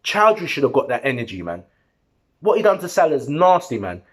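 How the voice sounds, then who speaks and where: A man's voice: medium pitch, fast talker, husky. A man giving a heated, slangy post-match football reaction, talking to the camera. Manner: animated, heated, slangy and repetitive. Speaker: football fan vlogger.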